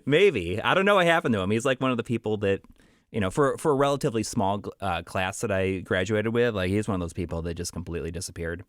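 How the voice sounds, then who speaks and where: Laughing easily, a man co-hosting a podcast rambles in casual conversation, full of fillers and restarts. His lowish voice is expressive and fairly quick, and the clean studio sound has no echo.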